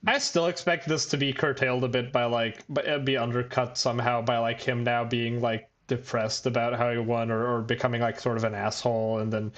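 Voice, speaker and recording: A man's voice: mid-range voice, fairly quick, hardly any pauses, lo-fi sound. A young man co-hosting a podcast, chatting casually and animatedly about a manga he loves. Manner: animated, laughing, acts out characters in quoted voices. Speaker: podcast co-host. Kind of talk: casual chat.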